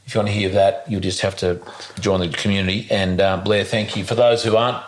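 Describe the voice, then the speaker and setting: A man hosts a relaxed podcast interview, speaking in a fairly low voice. He talks haltingly, stacking fillers and false starts as he circles his point. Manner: halting, many fillers and restarts. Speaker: podcast host. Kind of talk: casual interview chat.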